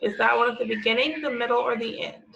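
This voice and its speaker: A woman teaching a remote phonics lesson to young children, stretching out each word slowly as she sounds it. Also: fairly high pitch, creaky, fairly bright tone. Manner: slow, drawn-out sounding of words. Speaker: preschool teacher. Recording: slightly dull lo-fi audio.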